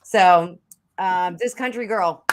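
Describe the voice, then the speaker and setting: A woman's voice: on the low side, noisy background. Chatty Jersey woman on a live stream. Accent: New Jersey. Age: middle-aged. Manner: chatty, laughs often, quick asides. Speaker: tarot reader co-hosting a live stream. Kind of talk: casual chat. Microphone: webcam on a video call.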